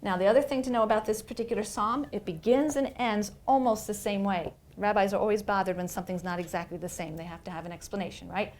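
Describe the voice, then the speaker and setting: A middle-aged woman professor giving a lecture. She talks in an animated, playful way and checks in with "right?" as she goes. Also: medium pitch, fast, few pauses. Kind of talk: lecture on religious texts.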